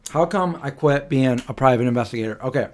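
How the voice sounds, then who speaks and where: A man in his forties hosting a live Q&A stream, telling stories in a rambling, halting way with many pauses and restarts. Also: medium pitch, slight background noise. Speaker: livestream host. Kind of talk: casual storytelling on a live Q&A stream.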